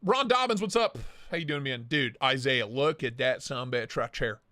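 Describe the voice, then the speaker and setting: A man's voice: mid-range voice, moderate pace, no echo. Dry-sounding, hyped-up male knife streamer. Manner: excitable, hyped, profane, greets chat viewers. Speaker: livestream host reviewing knives. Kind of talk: casual livestream chat.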